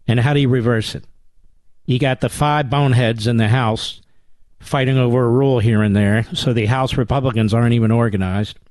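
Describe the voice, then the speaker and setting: A man's voice: medium pitch, fairly even intonation, brisk, darkish tone, no room sound. Indignant talk radio host, man. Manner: indignant, emphatic, repeats lines for effect. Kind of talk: talk radio monologue and calls.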